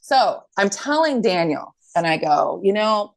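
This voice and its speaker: A woman's voice: medium pitch, a little slow, gravelly. A woman co-hosting a podcast, telling stories in a casual chat, acting out what people said and swearing freely. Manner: animated storytelling, acting out quotes, swearing. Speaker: podcast co-host.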